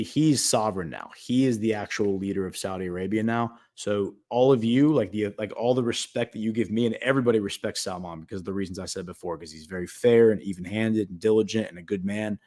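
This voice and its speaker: Low-voiced man telling a rambling story. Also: fast talker, hardly any pauses, darkish tone. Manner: rambling, filler-heavy, acts out quotes. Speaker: podcast host. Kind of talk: casual conversational storytelling.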